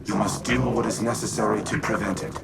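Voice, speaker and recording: Gravelly, solemn warmind AI. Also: male voice, fairly low pitch, little pitch movement, a little fast, heavy background noise. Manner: solemn, formal commands. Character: grave ancient male warmind AI. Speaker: game character. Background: loud game music.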